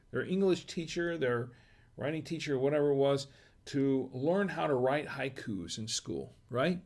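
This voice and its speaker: A man's voice: medium pitch, lively intonation, a little slow, a little mellow. A man hosting a wine-tasting livestream, chatting casually, reading viewers' messages aloud and asking them questions. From United States. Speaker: wine review livestream host.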